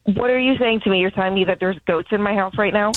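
A woman on a phone line who stammers and keeps firing questions. Her voice comes through husky and dry, with no room sound around it. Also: medium pitch, fast talker, dry recording. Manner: stammering, bewildered, pressing questions. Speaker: prank call target. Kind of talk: phone call.

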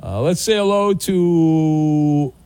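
A man's voice: a little high, clean tone, no room sound. A man hosting a sports radio show, chatting casually and teasing his callers. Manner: animated, talkative, quick to tease callers.

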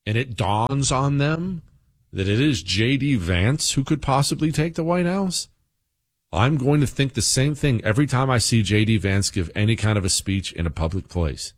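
A man's voice: medium pitch, expressive, moderate pace. A man hosting a political talk radio show, delivering a heated, indignant monologue.

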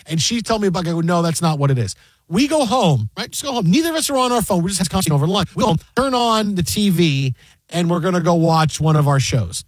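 High-voiced man telling a lively story. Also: fast talker, no echo. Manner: animated storyteller, repeats phrases, laughs often. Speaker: podcast co-host. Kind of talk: casual chat.

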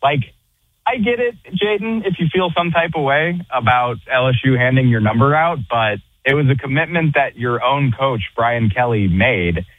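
A man's voice: mid-range voice, lively intonation, moderate pace, no echo. A man ranting in exasperation during a casual chat, calling in from a rooftop. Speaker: guest podcast co-host. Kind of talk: casual chat over a call. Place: on a roof. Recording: tinny phone-like line.

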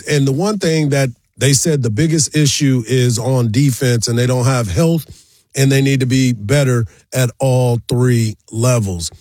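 A man's voice: medium pitch, a little mellow, dry recording. A man hosting a morning sports radio show, running through promos and team stats in an upbeat way into a studio mic. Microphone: studio microphone.

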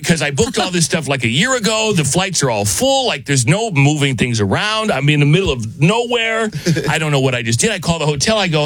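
Animated man telling a story. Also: fairly high pitch, a little fast, hardly any pauses, no room sound. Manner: animated, self-deprecating storytelling. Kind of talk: casual chat.

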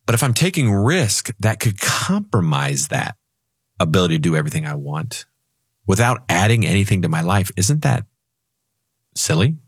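A low, husky male voice co-hosts a financial radio talk show. He talks in a playful, emphatic storytelling way, and the sound is dry and close. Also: very animated, normal speed, no echo.

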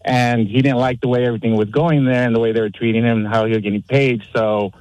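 A man calling in to a radio show who tells a story in an easygoing, relaxed way. His voice is at a middle pitch, and the sound is dry and close. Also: fast, no echo, poor audio. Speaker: caller. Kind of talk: phone-in storytelling.

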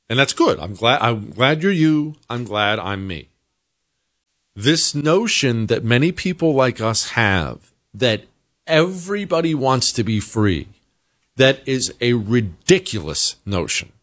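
An American man hosting a talk show, delivering an emphatic opinion monologue that climbs into high-pitched exasperation. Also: a bit bright. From United States. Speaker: political talk show host.

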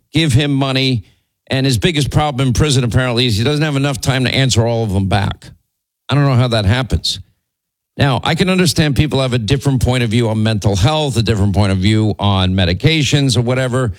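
A man's voice: medium pitch, dry recording, poor audio. Rambling man commenting on trials. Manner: rambling, frequent restarts and "you know". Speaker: true-crime commentator. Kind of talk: opinionated talk-show commentary.

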